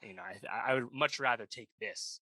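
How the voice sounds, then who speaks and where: A man's voice: medium pitch, a little fast, pushed and bright, dry recording. A man co-hosting a pop culture podcast, chatting casually and rambling, full of "like" and "you know, right?". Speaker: podcast co-host. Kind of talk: casual chat.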